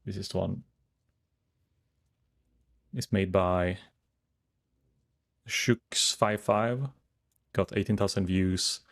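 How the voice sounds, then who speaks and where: A man's voice: sits low, steady tone, very slow, vocal fry, long pauses. A man chatting casually to his viewers while streaming a game, rambling as he browses and reads chat.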